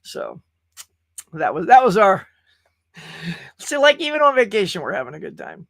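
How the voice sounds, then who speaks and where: A man's voice: high voice, very animated, normal speed, creaky, fairly bright tone, no room sound, clean studio sound. A man hosting a casual livestream show, chatting in a rambling way and reading viewer messages aloud. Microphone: webcam stream setup.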